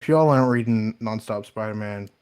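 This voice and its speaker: A man's voice: fairly low pitch, a little fast, a little mellow, clear, resonant tone. A man in a casual live chat, enthusiastic and jokey, given to exaggerated playful threats.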